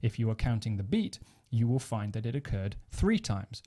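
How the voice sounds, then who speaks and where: A man's voice: lowish voice, animated, moderate pace, over loud music. A man teaching snare drum technique, explaining step by step and counting beats aloud as he plays. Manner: methodical, counts beats aloud while playing. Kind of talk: instructional explanation.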